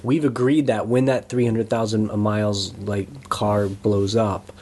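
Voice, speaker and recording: A man's voice: fairly low pitch, flat delivery, unhurried, warm tone, slight background noise. A man co-hosting a podcast in an easygoing, casual chat, often repeating words as he thinks. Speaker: podcast co-host.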